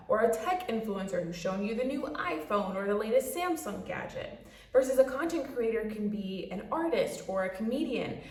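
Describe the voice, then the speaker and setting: A woman's voice: fairly high pitch, recorded from a distance. A woman giving a casual explainer commentary in a chatty way, with playful asides and rhetorical questions. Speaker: video essayist. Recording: roomy echo, a bit off-mic.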